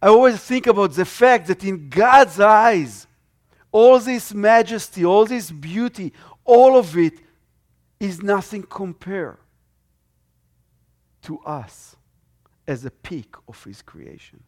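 A man's voice: high voice, expressive, slow pace, long pauses. A man preaching a sermon with strong emphasis, his voice swelling and dropping.

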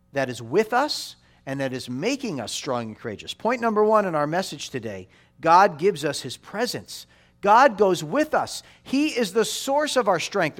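A man in his forties preaching a sermon, emphatic, repeating key phrases and checking in with the listeners. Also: on the high side. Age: 40s. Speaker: pastor.

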